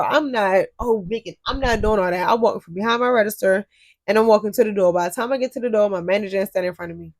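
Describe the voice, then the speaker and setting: A young woman telling a workplace drama story to her viewers, animated and profane, often addressing them directly. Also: mid-range voice, fast talker, dry recording. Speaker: store cashier telling a story. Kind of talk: storytime vlog.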